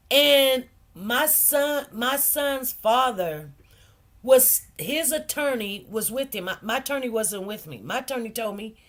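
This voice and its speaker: A woman with a fairly high voice tells a personal story to her viewers as a commentary host. She speaks with feeling, circles back and repeats herself, and keeps addressing her audience directly. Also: expressive, a little slow. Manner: emotional, repetitive, speaks straight to viewers. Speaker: host of a news commentary channel.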